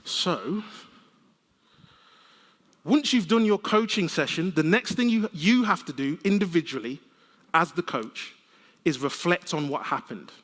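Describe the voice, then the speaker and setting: A man giving a conference keynote, telling lively, conversational stories with humor. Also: a little high, unhurried, long pauses. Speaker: keynote speaker. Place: large conference hall. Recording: long reverb of a conference hall.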